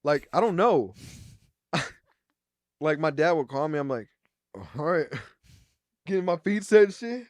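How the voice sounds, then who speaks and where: High-voiced animated young man telling stories. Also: unhurried, pauses often, no echo. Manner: animated, swearing, acting out both sides of a phone call with laughs. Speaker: podcast co-host. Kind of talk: casual storytelling chat.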